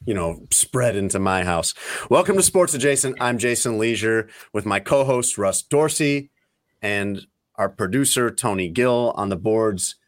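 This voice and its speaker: Animated, teasing male podcast host. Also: on the low side, unhurried. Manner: animated, teasing, rambling storyteller. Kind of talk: casual banter.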